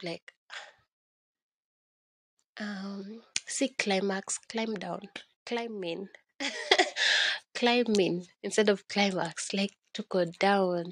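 Young woman rambling happily about books into her phone, kinda breathy voice, dead dry sound, mixes in swahili slang. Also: mid-range voice, no echo. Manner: excitable, gushing, mixes English with Swahili slang. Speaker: podcast host. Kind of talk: casual monologue about books.

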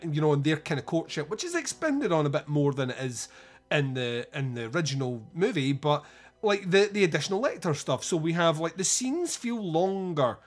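A man co-hosting a podcast, chatting casually about films, rambling and swearing with many restarts. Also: medium pitch. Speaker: podcast co-host. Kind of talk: casual film review chat.

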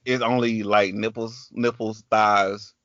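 Man, Southern accent, podcast host, storytelling, lowish voice. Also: flat delivery, slow pace, fairly bright tone, no echo, highs cut off. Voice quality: chatty, storytelling with quoted voices. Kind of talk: casual chat.

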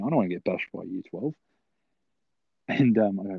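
A man's voice: lowish voice, lively intonation, normal speed, pauses often, slightly rough, no echo, narrow, tinny audio. Rambling, swearing young man. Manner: rambling, profane, filler-heavy. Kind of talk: casual storytelling.

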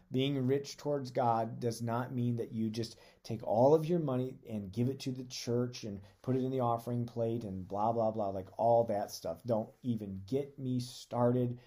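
Mellow-voiced man giving a conversational sermon. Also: mid-range voice. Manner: earnest, reads scripture aloud with emphasis. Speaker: podcast preacher.

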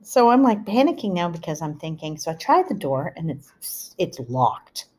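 A middle-aged woman hosting a podcast, telling a family story in an animated, chatty way full of asides. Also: fairly low pitch, moderate pace. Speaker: podcast host. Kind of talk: storytelling monologue.

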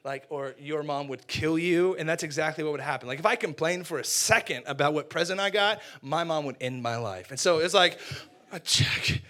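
A man in his twenties preaching a sermon, telling a funny personal story with animated, exaggerated outbursts. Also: a little high, brisk, few pauses. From United States. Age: 20s.

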